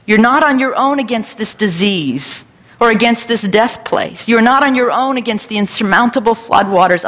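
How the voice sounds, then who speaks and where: A woman's voice: on the high side, animated, moderate pace, a bit bright. Earnest woman preaching in a reverberant hall. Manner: earnest, repetitive preaching cadence. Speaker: pastor. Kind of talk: sermon.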